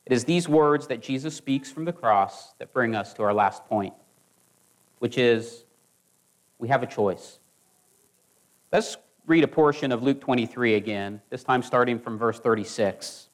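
A man delivering a sermon at an even, deliberate pace, his voice sitting in an ordinary middle pitch. He speaks earnestly and steadily, sometimes catching himself and restarting a word. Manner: measured, earnest preaching with occasional restarts. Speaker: preacher.

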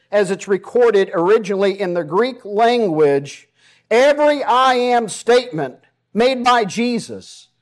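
A man with a Southern US accent preaching a sermon as pastor, folksy and emphatic, with self-deprecating asides. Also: high-pitched.

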